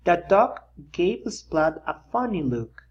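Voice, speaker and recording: A reader reads a children's picture book aloud in a slow, animated way, stopping for little pointing asides. The sound is dull and lo-fi. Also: medium pitch. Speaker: storybook reader.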